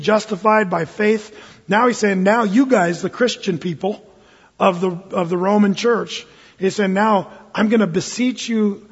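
A man's voice: sits high, husky. A man preaching a sermon as pastor, earnest and emphatic, often asking his listeners questions. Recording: dull sound with long hall reverb.

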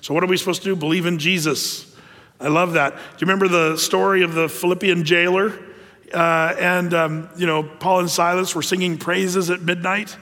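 A man's voice: high voice, level tone, normal speed, pushed and bright. A man preaching a conversational sermon, with many fillers and restarts. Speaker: pastor. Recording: long hall reverb.

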